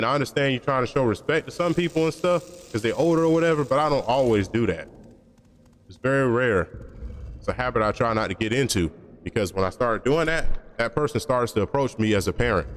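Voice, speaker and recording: A man's voice: mid-range voice, in a large hall. A man streaming and chatting casually, blunt and opinionated, rambling with slang and profanity.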